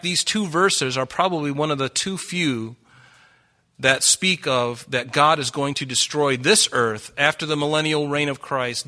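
A man's voice: medium pitch, pushed and bright. A middle-aged man preaching a sermon, earnest and pleading, his voice rising for emphasis.

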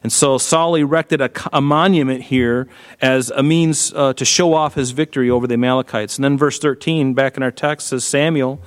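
A man's voice: medium pitch, normal speed, smooth, big-room sound. Conversational man preaching a sermon. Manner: conversational, animated preaching with rhetorical questions. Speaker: pastor.

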